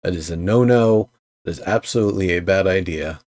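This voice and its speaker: Man player in a tabletop game, very deep voice, dry sound, firm and emphatic. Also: a little fast, darkish tone, no echo.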